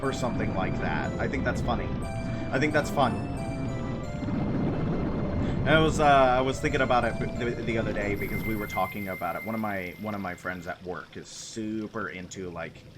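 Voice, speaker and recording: A man's voice: fairly low pitch, moderate pace, over loud music. A man casually chatting and giggling while streaming a game, rambling between thoughts. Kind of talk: casual let's-play chat.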